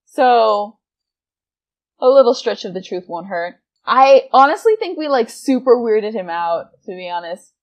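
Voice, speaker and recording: A woman's voice: fairly high pitch, animated, a little slow. A woman in her twenties telling a gaming story casually and with energy, swearing freely and breaking into laughter. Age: 20s. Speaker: gaming vlogger.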